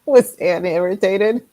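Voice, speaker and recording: A woman co-hosting a casual podcast chat, speaking slowly and laughing often. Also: mid-range voice, mellow. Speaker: podcast co-host.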